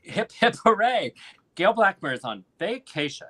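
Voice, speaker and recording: A man's voice: high voice, big pitch swings, moderate pace, bright, forceful tone. A man co-hosting a casual live chat show, joking in a campy, giggly way. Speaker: co-host.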